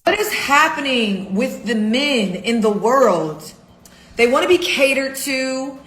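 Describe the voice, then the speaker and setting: A woman's voice: sits high, a bit bright, echoey room, a little hiss or hum, poor audio. A woman venting in a social media clip, exasperated and asking rhetorical questions. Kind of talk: venting to camera.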